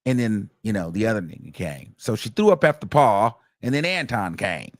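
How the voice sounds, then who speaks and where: A man hosting a casual gossip commentary, recapping courtroom testimony in an animated, chatty way. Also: on the low side, moderate pace, no echo, studio quality. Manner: animated, gossipy, acts out quoted texts in a raised voice. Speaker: commentary host.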